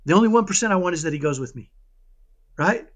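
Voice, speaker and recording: A man talking casually in an interview about raising his son, animated and often checking in with "right?". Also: sits high, fast talker. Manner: animated, keeps asking "right?"; acts out dialogues with his son. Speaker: parenting guest.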